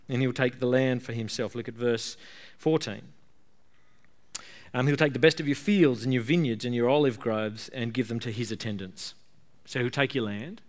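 A man preaching a sermon in a conversational, emphatic way, often repeating words and using fillers. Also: medium pitch. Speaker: pastor.

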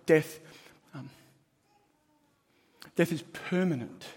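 A man preaching a sermon as pastor, emphatic and shifting between loud and hushed. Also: a little high, moderate pace. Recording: long hall reverb.

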